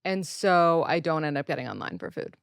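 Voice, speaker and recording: A woman in her thirties, a podcast host, casually telling a story in an animated way and acting out the people she quotes. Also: low voice, fairly quick, vocal fry, clean tone, dry recording, studio quality. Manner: animated, quotes people in raised voices, swears.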